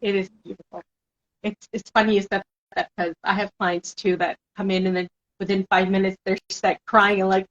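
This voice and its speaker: A woman hosting a live chat series, emotional and expressive, often laughing as she talks. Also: medium pitch, brisk, muffled recording. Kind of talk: casual interview chat.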